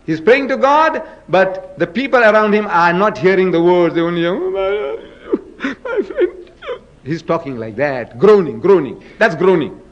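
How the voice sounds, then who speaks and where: Male debater, higher register, emphatic and theatrical, muffled lo-fi tape. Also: expressive, moderate pace, hardly any pauses. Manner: emphatic, rhetorical questions to the audience; dramatic, acts out scripture quotes. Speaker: speaker in a religious debate. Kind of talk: public debate lecture.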